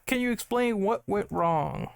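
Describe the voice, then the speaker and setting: An upbeat man hosts a casual gaming podcast, rambling cheerfully through his thoughts. His voice sits a little high and sounds smooth and clear. The sound is dry and close. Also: measured pace, dry recording. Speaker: podcast host.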